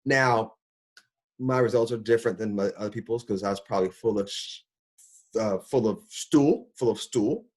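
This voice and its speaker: A middle-aged man, a doctor, telling his own health story in a casual, animated way, acting out his reactions. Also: normal speed, husky. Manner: animated, acts out his own reactions with big pitch jumps. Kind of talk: personal storytelling talk.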